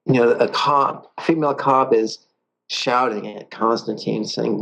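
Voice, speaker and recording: Gravelly man teaching calm meditation. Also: mid-range voice, rough recording. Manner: calm, playful, slows down for guided phrases.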